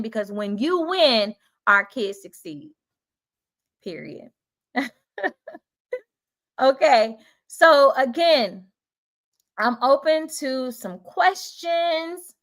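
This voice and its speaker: A woman with a Southern twang coaches teachers on a live stream, chatty and encouraging as she answers her viewers. Her voice sits fairly high. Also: very animated, extremely slow, pauses often. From Southern United States.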